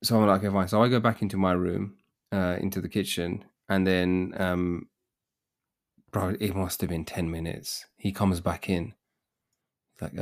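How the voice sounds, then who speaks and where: A man's voice: low voice, fairly even intonation, normal speed. Male podcast co-host, casual storyteller who acts out the quotes. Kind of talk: casual chat.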